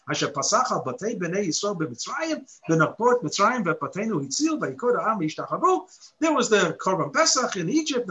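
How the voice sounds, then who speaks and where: A man teaching a Torah lesson in a high, bright voice that rises and falls with great liveliness. He recites Hebrew verses and poses rhetorical questions, building his explanation step by step. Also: poor audio.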